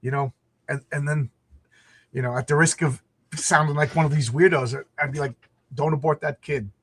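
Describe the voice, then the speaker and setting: A middle-aged podcast host chats casually in a slightly high voice at an ordinary pace, with no echo. He's an animated storyteller who acts out the quotes in his tales.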